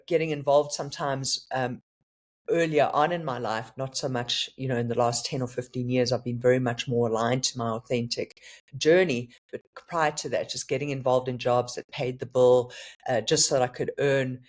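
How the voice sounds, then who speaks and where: A middle-aged man co-hosting a spiritual podcast, talking earnestly and candidly about his own healing, with frequent restarts. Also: medium pitch. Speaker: podcast co-host. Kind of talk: reflective spiritual talk.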